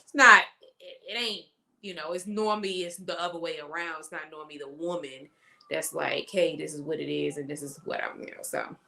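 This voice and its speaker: A woman co-host in casual chat, telling a story with lively quoted voices. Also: low-pitched, brisk, gravelly.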